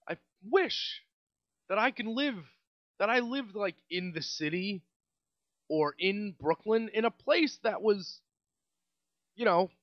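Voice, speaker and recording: A young New York man rants on his own podcast in a rambling, exasperated way, often restarting his sentences. His voice sits high and swings widely in pitch. The recording is dry and a little dull. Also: dry recording. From Staten Island, New York. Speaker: podcast host. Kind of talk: casual solo podcast rant.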